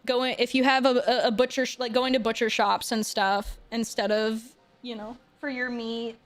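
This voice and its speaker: Woman streamer, higher-pitched, casual and chatty, quick replies to comments. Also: steady tone, faint music behind. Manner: chatty, answers viewer comments in quick bursts; soft baby talk to her dog. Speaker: live streamer. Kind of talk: casual live-stream chat.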